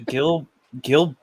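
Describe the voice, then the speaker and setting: A man's voice: a little high, breathy edge. A man hosting a casual live stream chat, joking about how hard he finds it to do voices. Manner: jokey, self-deprecating about doing voices. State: voice getting strained from doing voices. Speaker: channel host.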